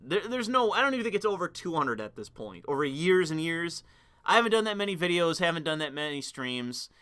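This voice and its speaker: A man's voice: a little high, sing-song, fairly quick, sharp tone. A young man streaming casual commentary, rambling and profane, laughing at his own remarks.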